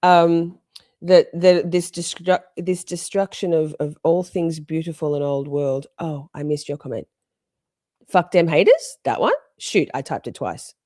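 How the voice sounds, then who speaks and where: A woman's voice: low voice, unhurried, warm tone, no echo, clean studio sound. Rambling, swearing woman streamer. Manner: rambling, swearing freely, greeting chat viewers. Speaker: live streamer. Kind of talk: casual live-stream chat.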